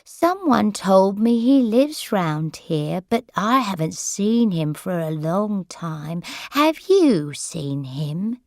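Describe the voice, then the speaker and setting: A bewildered old woman , as a female narrator puts her on, speaking slowly with her pitch rising and falling widely. Her lost, fearful manner sounds close and dry. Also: sing-song, dry recording. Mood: wistful. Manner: wandering, frightened, then shouting and sobbing. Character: confused elderly woman with dementia.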